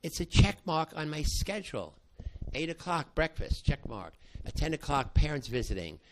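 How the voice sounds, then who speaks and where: An older man, a psychology professor, recounting a past study to an audience in halting speech full of restarts. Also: fairly high pitch, sing-song, a bit bright, slight background noise. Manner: halting, with many restarts, acting out quoted voices. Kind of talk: spoken storytelling to an audience.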